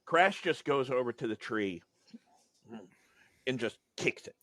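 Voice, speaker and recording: A man's voice: medium pitch, expressive, unhurried, fairly bright tone, no echo. A man narrating a tabletop game as game master, in vivid, rambling descriptions full of fillers.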